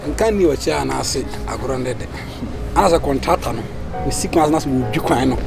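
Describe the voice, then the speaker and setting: An actor playing a husband who rambles defensively, with a Ghanaian accent. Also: male voice, medium pitch, lively intonation, a little fast, vocal fry, over music. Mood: rambling. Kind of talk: Ghanaian comedy film acting.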